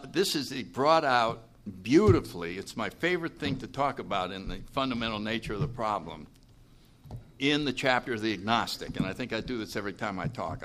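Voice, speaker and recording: A man speaking live to a recovery meeting audience, plainspoken and animated, often checking that listeners follow him. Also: fairly low pitch, a little hiss or hum. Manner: animated, acts out what people say.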